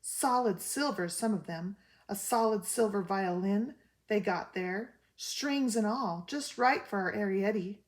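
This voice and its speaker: A woman's voice: medium pitch, measured pace, lightly acted. An older woman voicing an anxious, fussy mother who tells gossip with emphatic exclaims, in a storybook reading. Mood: gossipy.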